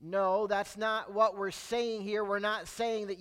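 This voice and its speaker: A man preaching a sermon, emphatic, swelling loud on key words and sinking low and quiet at the ends of phrases. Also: moderate pace, few pauses. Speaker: pastor.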